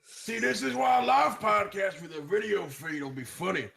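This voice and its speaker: A man co-hosting a podcast in casual banter, loud and joking, often breaking into yells. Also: high voice, sing-song, moderate pace, creaky. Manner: loud, joking, bursts into yelling. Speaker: podcast co-host.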